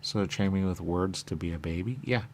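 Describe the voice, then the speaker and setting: A man's voice: deep voice, quick pace, darkish tone, a little hiss or hum. A man in a rambling, repetitive monologue, muttering questions and then answering them himself. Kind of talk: rambling stream-of-consciousness monologue.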